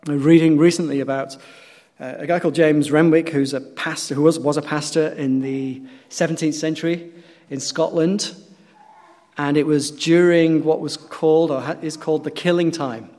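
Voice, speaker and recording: A male pastor preaching a sermon, telling stories earnestly and swinging between loud emphatic peaks and quiet low passages. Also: fairly even intonation, moderate pace. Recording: long hall reverb.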